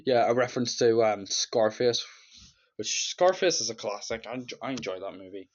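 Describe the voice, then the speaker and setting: A man's voice: mid-range voice, fairly quick. Rambling man with a dull lo-fi sound. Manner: rambling, strings scenes together with "and then"; briefly acts out characters' lines with silly voices. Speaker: film reviewer. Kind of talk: casual movie review.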